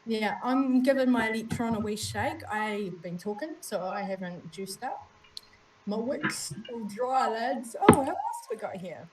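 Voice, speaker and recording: This livestream co-host has a New Zealand accent and a fairly high, expressive voice, speaking at a measured pace. The distant, off-mic recording sounds roomy, with faint ambience and a little hiss or hum, as she chats casually and welcomes viewers by name.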